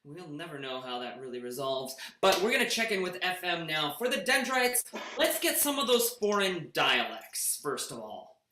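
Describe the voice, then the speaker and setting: A man's voice: a little high, big pitch swings, moderate pace, echoey room, noisy background. A man hosting a live improv comedy match, announcing scenes with rambling asides. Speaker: match host.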